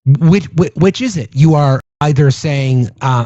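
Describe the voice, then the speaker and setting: Male commentary host, middle pitch, disbelieving asides, dull dry lo-fi recording. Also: unhurried, few pauses, mellow, no echo. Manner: incredulous, reads statements aloud with asides. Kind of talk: political commentary.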